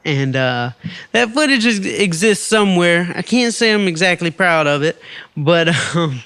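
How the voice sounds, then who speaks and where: A man hosting a podcast, telling a personal story in an animated way and acting out the people in it. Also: high voice, unhurried, dry recording. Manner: animated, acts out quoted voices. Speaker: podcast host. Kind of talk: storytelling monologue.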